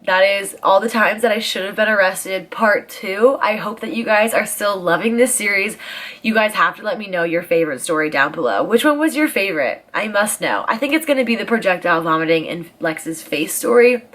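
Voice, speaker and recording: A woman in her twenties, a vlogger telling a story in casual chat, animated and profane, leaning hard on dramatic emphasis. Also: mid-range voice, fairly quick.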